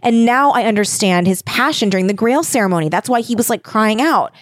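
A woman's voice: a little high, animated, fairly quick, no echo, clean studio sound, lightly acted. A woman voicing a remorseful young male knight in a casual paraphrase while retelling a story. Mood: earnest.

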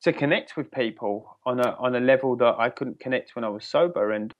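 An English man talks openly and thoughtfully as a podcast guest, often breaking off and restarting. His voice sits mid-range and comes over a dull, lo-fi remote line. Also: mid-range voice. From England. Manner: candid, reflective, halting restarts. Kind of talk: podcast interview.

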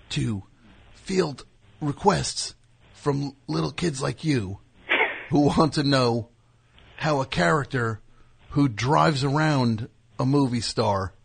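A man's voice: medium pitch, vocal fry, husky, pitched above the performer's own voice, heavily acted. A man playing a stand-in helper for a celebrity, patiently explaining to children in a mock-official tone. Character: man posing as a celebrity's helper answering kids.

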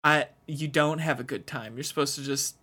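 A man in casual chat, self-deprecating and quick with funny anecdotes and quoted voices. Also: fairly high pitch, pushed and bright.

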